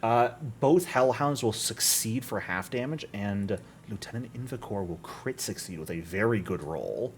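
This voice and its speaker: A man running a tabletop game online as game master, explaining rules in a relaxed, chatty way with plenty of fillers. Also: fairly low pitch, moderate pace, few pauses, a little hiss or hum.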